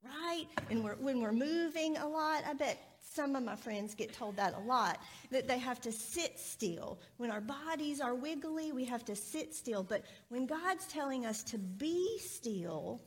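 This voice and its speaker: Woman, children's minister: high voice, slow and friendly, sermon for kids in a church, lots of questions to the children. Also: lively intonation, a little hiss or hum. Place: church sanctuary.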